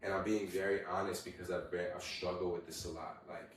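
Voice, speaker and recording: Low-voiced young man in an echoey room. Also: a little fast, recorded from a distance, slight background noise. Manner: animated storytelling, heavy swearing, acts out quotes. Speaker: podcast host. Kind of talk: casual solo podcast chat. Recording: very echoey room, voice away from mic.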